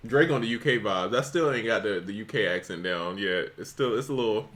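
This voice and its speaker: A man co-hosting a livestreamed podcast, his voice rising and dipping a lot as he talks. He banters in relaxed slang and laughs easily with his co-host. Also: lowish voice, fairly quick. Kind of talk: casual chat.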